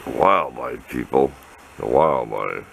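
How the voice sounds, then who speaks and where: A man's voice: rumbling low, expressive, takes it slowly, creaky, fairly bright tone, a little hiss or hum. Folksy older man rambling outdoors. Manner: folksy, rambling, talks to himself and answers. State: out of breath. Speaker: vlogger. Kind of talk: casual outdoor chat to camera. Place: outdoors by his shop.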